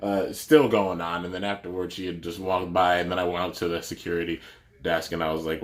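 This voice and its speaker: A man's voice: low voice, little pitch movement, fast talker. A young man vlogging a casual storytime, rambling with lots of fillers and restarts. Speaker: YouTuber.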